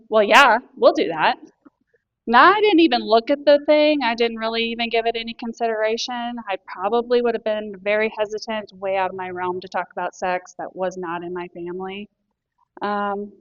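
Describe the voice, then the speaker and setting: A woman's voice: fairly high pitch, dry recording, highs cut off. A woman in her forties giving a matter-of-fact personal testimony about her marriage. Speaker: workshop participant sharing testimony.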